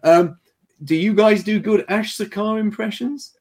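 Husky man hosting a stream. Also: sits high, a little slow. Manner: animated, laughs often. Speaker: host. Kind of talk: livestream panel chat, reading viewer messages.

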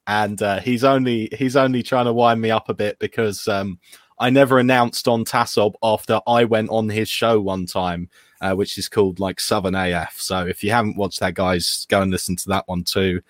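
A man speaking as a guest on a livestream panel chat, halting and repeating words as he goes. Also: on the low side, steady tone, dry recording, clean studio sound.

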